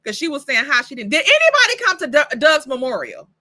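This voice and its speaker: High, lively woman recapping TV. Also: fast. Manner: blunt, profane, animated storytelling. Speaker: YouTube show reviewer. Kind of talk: casual TV recap commentary.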